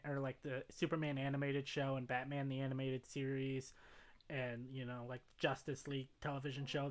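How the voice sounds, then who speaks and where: A man co-hosting a podcast in casual chat, animated, acting out quoted lines and reading live comments. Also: medium pitch. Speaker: podcast co-host.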